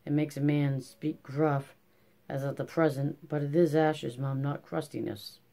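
A reader playing a gruff, blunt stoker from an old storybook, curt and plain in speech. The tone stays mellow and warm. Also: medium pitch, flat delivery, a little slow. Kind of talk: audiobook character reading.

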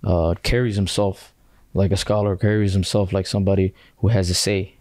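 A man's voice: deep voice, level tone, moderate pace, darkish tone, no echo. A man speaking as a guest scholar on a podcast, talking bluntly in casual slang and dropping in Arabic quotes. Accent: British.

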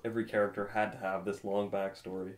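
Low-voiced man analyzing a film. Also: little pitch movement, fast talker. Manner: analytical, acts out quoted lines. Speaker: podcast co-host. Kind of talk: casual film discussion.

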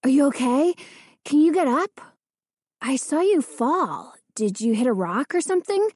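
A woman voicing a concerned boy who speaks softly and gently. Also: sits high, very animated, measured pace, no room sound, clean studio sound.

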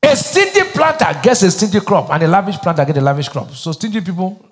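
A man's voice: sits high, sing-song, quick pace, long reverb tail. A Nigerian man preaching a sermon as pastor, asking the crowd to finish his lines in call-and-response. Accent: Nigerian English.

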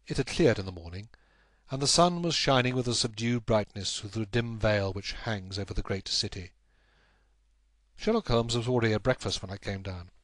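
A man narrating a classic story as a scripted audiobook, with a measured, even storytelling delivery. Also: lowish voice, dry recording.

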